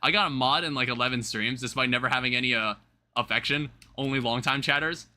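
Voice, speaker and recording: This livestreamer is a young man who rambles through casual chat with his viewers from home, dropping offhand swear words. He talks fast in a medium pitch that sounds pushed and bright.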